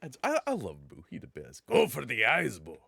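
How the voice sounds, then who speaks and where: A male host with a bright, forceful voice that swoops widely in pitch as he chats. He laughs often and reads viewer comments aloud. The sound is dry and close. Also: wildly swooping pitch, moderate pace, gravelly, dry recording. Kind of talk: casual livestream chat.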